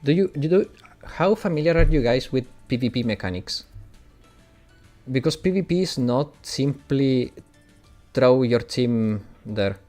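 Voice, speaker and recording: Mellow Italian-accented man streaming games. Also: mid-range voice, lively intonation, measured pace, faint music behind. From Italy. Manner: chatty, answers viewers, laughs often. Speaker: gaming streamer. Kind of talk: casual live-stream chat.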